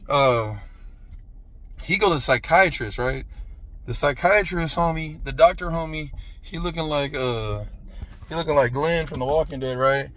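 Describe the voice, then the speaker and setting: Profane man retelling a film, boom effects. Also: normal speed. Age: 30s. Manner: animated, profane, says "right?" constantly; makes "boom" sound effects while retelling. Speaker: movie reviewer. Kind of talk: casual movie review.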